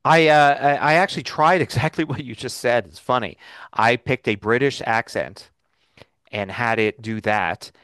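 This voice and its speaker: A man's voice: medium pitch, moderate pace, fairly bright tone, smooth, dry recording. Man chatting casually, dry sound. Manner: rambling, loose delivery with many fillers. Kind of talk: casual chat. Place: home recording studio.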